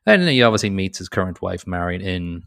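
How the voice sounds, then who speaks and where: Low gravelly male podcast co-host. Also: very animated, brisk, a bit bright. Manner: rambling, laughs often, quotes characters in mock voices. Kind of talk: casual movie review chat.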